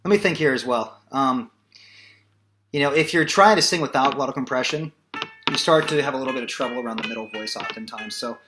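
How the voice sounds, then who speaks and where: A man giving a casual singing lesson as a voice teacher, explaining in a loose, relaxed way with plenty of fillers. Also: mid-range voice, a little fast, slight background noise.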